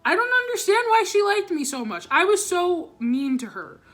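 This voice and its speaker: A young woman vlogger telling a storytime about school, animated and swearing, acting out what people said. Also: extremely high pitch, moderate pace. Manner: animated, swearing, dramatic re-enactments. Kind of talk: storytime vlog.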